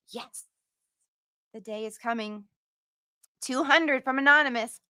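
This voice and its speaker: A woman's voice: high-pitched, measured pace, sharp tone, clean tone, no room sound, studio quality. A woman hosting a casual livestream, reading out donor messages in a chatty, playful way. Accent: put-on accent at times. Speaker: livestream host reading donations.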